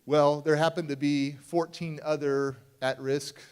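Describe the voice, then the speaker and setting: Animated man telling his story on stage. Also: fairly high pitch, measured pace, clean tone. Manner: animated storytelling, acting out his younger self. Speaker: motivational speaker. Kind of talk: keynote talk at a youth summit. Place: conference stage before a live audience.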